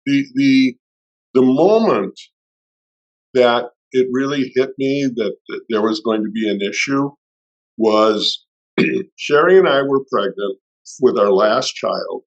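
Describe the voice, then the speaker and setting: A man's voice: medium pitch, animated, takes it slowly, highs cut off. Middle-aged man telling a family story. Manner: anecdotal, with restarts and acted-out quotes. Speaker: podcast co-host. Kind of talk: personal storytelling in conversation.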